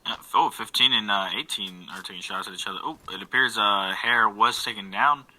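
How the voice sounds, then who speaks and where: A man giving relaxed play-by-play commentary on an online game match, full of fillers and quick self-corrections. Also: lowish voice, rough recording. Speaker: esports caster.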